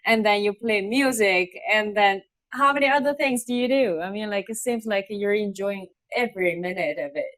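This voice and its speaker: A woman's voice: medium pitch, normal speed, few pauses, a bit bright, no room sound. A woman hosting a casual video call interview, laughing often and speaking with hesitant phrasing and many fillers. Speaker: host.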